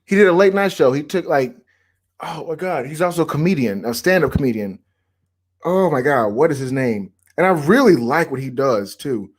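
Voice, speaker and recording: Animated rambling man, fairly high voice. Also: normal speed. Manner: rambling, animated, many restarts. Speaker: podcast co-host. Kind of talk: casual live-stream chat.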